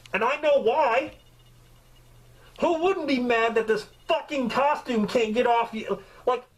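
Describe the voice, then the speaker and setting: A man reviews a movie in a loose, joking way, and he swears a lot. His pitch swings widely up and down as he drifts off into tangents. It sounds like off-the-cuff talk rather than anything scripted. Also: rough recording. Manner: animated, swears freely, rambling asides. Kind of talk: casual comedic movie review.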